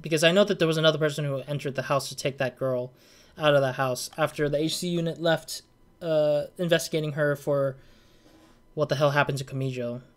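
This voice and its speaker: Rambling young man with a higher voice. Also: steady tone, fairly quick. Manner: rambling, thinking aloud with many "like" and "kind of". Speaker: let's play gamer. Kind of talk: casual game commentary.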